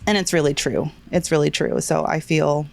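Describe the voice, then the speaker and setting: A woman's voice: sits low, fairly even intonation, normal speed, creaky. A woman co-hosting a podcast in casual chat, chatty and laughing as she tells family stories. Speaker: podcast co-host. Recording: studio podcast mic.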